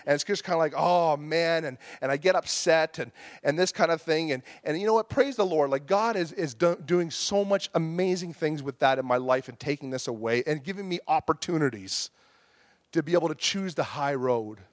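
A man's voice: on the high side, normal speed, dry recording, clean studio sound. A man, preaching a sermon and telling a story about himself, acting out his own angry outbursts.

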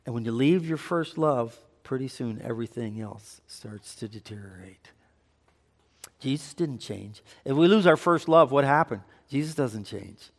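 A man preaching a sermon as pastor, switching between earnest teaching and light banter with the congregation. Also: mid-range voice. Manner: conversational preaching with audience banter. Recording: long hall reverb.

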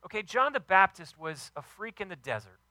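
An enthusiastic man in his thirties delivers a sermon, leaning hard on key words and acting out quotes. His voice sits high and sounds very bright and forward. The recording is dry, with almost no room sound. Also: sing-song, a little fast, no echo, low-quality recording. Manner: enthusiastic, emphatic preaching with acted quotes. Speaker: pastor.

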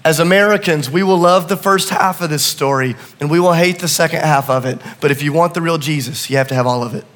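A middle-aged man preaching a sermon, swinging between hushed asides and rising urgency. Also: on the high side, quick pace. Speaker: pastor. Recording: long reverb of a large hall.

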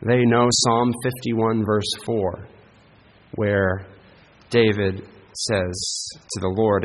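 A man's voice: fairly low pitch, flat delivery, extremely slow, big-room sound, slight background noise, low-quality recording. A man preaching a sermon as pastor, earnest and emphatic, often checking in with the congregation with a rhetorical "right?".

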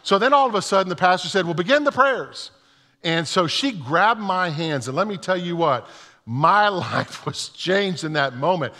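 A man's voice: high voice, expressive, moderate pace, bright, forceful tone. A man preaching a sermon as a pastor, telling self-deprecating humorous stories, heard with long reverb in a large church hall.

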